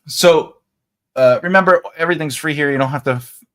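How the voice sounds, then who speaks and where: A man's voice: a little high, brisk, fairly bright tone. A man from the United States giving a casual, rambling live writing lesson, full of fillers and restarts. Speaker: writing teacher.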